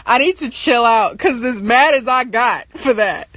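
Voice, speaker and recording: A woman's voice: on the high side, a little slow, a bit bright, no echo. A young woman telling stories to her viewers in a casual, exasperated way, often laughing as she rants. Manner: ranting, exasperated. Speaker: livestream host.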